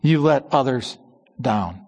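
A man preaching a sermon with strong emphasis, slowing on key words and dropping to a low hush at the ends of phrases. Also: lively intonation, husky, lo-fi sound. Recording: long church reverb.

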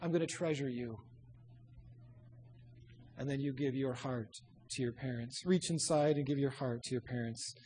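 A man preaching a sermon in an emphatic, exhorting way, often dropping low and soft to drive a point home. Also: fairly even intonation, moderate pace, few pauses, a little hiss or hum.

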